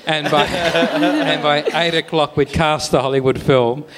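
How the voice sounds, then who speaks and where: A man's voice: on the high side, fairly even intonation, unhurried, very noisy. A man, an author on a panel, telling a wry, self-deprecating story with laughs. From Australia. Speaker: author guest.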